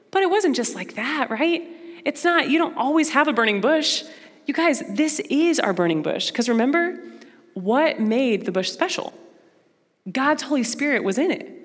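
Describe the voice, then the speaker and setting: A young woman giving a personal testimony talk to a Christian audience in an earnest, conversational, expressive way. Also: high-pitched. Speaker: Christian speaker. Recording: long hall reverb.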